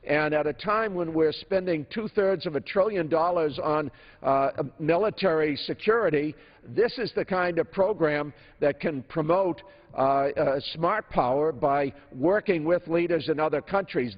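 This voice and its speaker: A man speaking as a legislator in a formal floor debate, earnest and halting with many filler pauses. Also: a little high. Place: large legislative chamber. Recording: dull audio in an echoing chamber.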